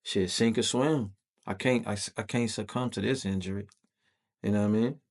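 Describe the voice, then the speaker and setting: A man's voice: on the low side, steady tone, moderate pace. A man hosting a podcast, telling a personal story in loose, slangy, profane conversational talk. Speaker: podcast host.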